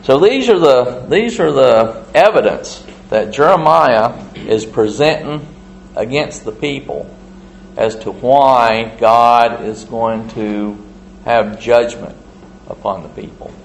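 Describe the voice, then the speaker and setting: A man reading scripture aloud and explaining it in plain, halting asides, as in a Bible study. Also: mid-range voice, vocal fry, slight background noise, rough recording. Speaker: Bible teacher.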